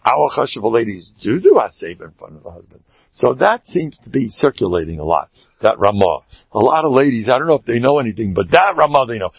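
An older man speaks as a rabbi in a Yiddish-inflected English accent, spinning animated stories with jokes and sudden loud outbursts. His voice is gravelly and husky, and his pitch leaps around a lot. The recording is dull and dry, with a lo-fi sound. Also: fast talker, dry recording. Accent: Orthodox Jewish Yiddish-inflected English. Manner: animated, joking, storytelling with sudden loud bursts. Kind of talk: informal Torah talk with stories.

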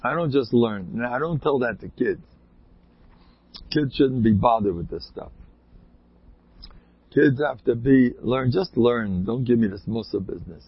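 A man's voice: medium pitch, a little slow, pauses often, husky, no echo, muffled recording. A man telling rambling anecdotes in a casual way, with sudden emphatic bursts.

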